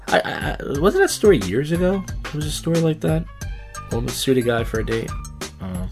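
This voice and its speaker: Philly guy rambling on his podcast, mid-pitched voice, swears a lot, faint music behind. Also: big pitch swings, brisk. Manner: loose, rambling, profane, wry asides. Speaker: podcast host. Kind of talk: casual solo podcast rambling. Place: outdoors in a city.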